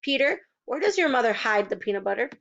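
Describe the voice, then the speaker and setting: A woman's voice: on the high side, big pitch swings, fast, vocal fry, a bit bright, heavily acted. A woman voicing a cheerful, confident father who coaxes his kids along. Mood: flustered. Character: cheerful dad, eager and confident. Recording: dull lo-fi recording.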